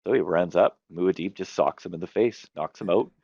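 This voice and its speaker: Deep-voiced man recapping a tabletop game. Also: normal speed, creaky, highs cut off, background noise. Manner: rambling storyteller, stops to correct himself. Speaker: game master and podcast host. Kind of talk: casual chat about tabletop games.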